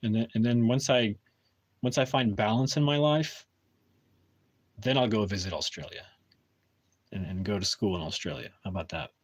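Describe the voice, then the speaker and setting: A man's voice: fairly low pitch, normal speed, long pauses. A man chatting casually with viewers on a live stream at home, talking hesitantly with many restarts and fillers.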